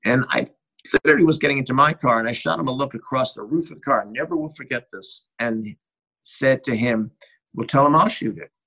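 Husky middle-aged man telling stories. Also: mid-range voice, a little fast, poor audio. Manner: rambling, animated anecdotes with frequent restarts. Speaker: cinematographer. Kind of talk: interview storytelling.

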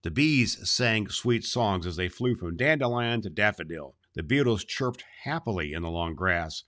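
Man in a Santa persona reading a storybook aloud, gentle, lower voice. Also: lively intonation, moderate pace. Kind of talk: reading a chapter book aloud.

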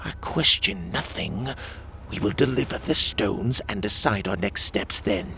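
A man's voice: lowish voice, expressive, measured pace, gravelly, bright, forceful tone, a little hiss or hum, full character voice. A man voicing a proud, bitter old queen who commands a ship, speaking in a clipped, resentful way in a storybook reading.

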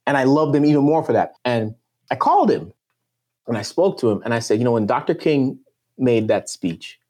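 A man's voice: mid-range voice, very animated, normal speed, warm tone. A man speaking as a podcast guest, telling a personal story in an emotional, emphatic way. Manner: passionate and emphatic, with swinging intonation.

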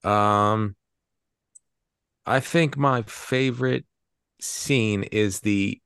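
A man's voice: lowish voice, extremely slow, gravelly, fairly bright tone, smooth, no echo. A man co-hosting a podcast, chatting casually about a film, rambling and swearing freely. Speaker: podcast co-host. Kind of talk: casual movie-review chat.

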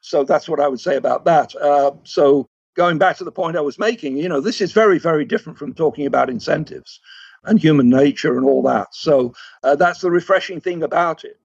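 Measured male guest, muffled audio. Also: fairly high pitch, creaky, darkish tone, slightly rough, dry recording. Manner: measured, hesitant with many fillers. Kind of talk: casual economics discussion.

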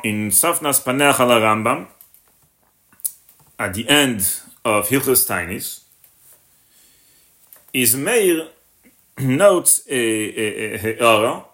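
A rabbi teaches a Torah lesson on a text in English, dropping in Hebrew and Yiddish terms and translating each. His male voice is fairly bright and rises sharply when he voices the questions, and he often restarts and repeats words.

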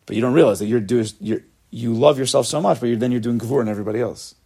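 Gravelly, husky man giving a Torah talk. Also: mid-range voice, rapid-fire, dark tone. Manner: emphatic, repeats words, sprinkles in Hebrew terms. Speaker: Torah teacher. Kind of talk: spoken Torah lecture.

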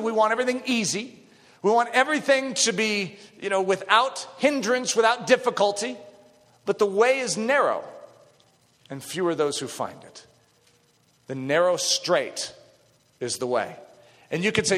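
Man, middle-aged, preacher, dramatic sermon, high lively voice, long hall echo. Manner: dramatic, swings between hushed and shouting.

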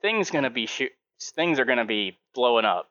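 A man's voice: mid-range voice, lively intonation, brisk, bright, forceful tone, lo-fi sound. A man playing a tabletop mech game, explaining his character's abilities step by step. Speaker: player.

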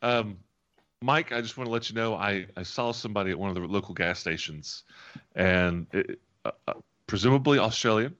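Low-voiced man running a tabletop game. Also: normal speed. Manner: relaxed, rambling, chuckles often. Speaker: game master and host. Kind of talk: narrating a tabletop game and chatting. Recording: dull lo-fi audio.

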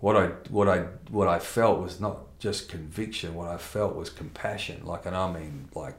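A man's voice: sits low, normal speed, echoey room. A middle-aged man telling a candid personal testimony in conversation, blunt and rambling with restarts and mild swearing. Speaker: interview guest.

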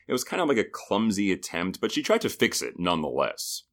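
A man's voice: on the low side, big pitch swings. A man co-hosting a podcast, recapping episodes in a chatty, joking way. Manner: chatty, joking, does quick impressions of people. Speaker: podcast co-host. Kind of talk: casual recap chat.

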